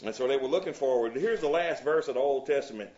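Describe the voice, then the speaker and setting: A man's voice: medium pitch, fast talker, darkish tone, highs cut off. A man leading a Bible study class. He reads scripture aloud and often checks in with his listeners, asking "you see?".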